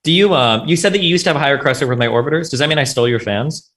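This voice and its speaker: A man's voice: on the high side, racing, a bit bright. A man in a heated online debate, firing off mocking, sarcastic questions. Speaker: debate opponent.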